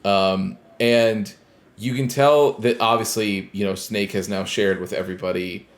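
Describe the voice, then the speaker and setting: In an easygoing conversation, a podcast co-host walks through what happens in a video game, his voice notably deep and low. He talks a bit slowly, wanders loosely from point to point, leans heavily on filler words, and curses offhandedly.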